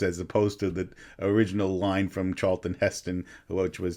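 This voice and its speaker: Male co-host, lowish voice, halting and enthusiastic about quotes. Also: level tone. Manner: halting, full of restarts and fillers, fond of favorite lines. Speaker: podcast co-host, the father. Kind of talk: casual movie chat.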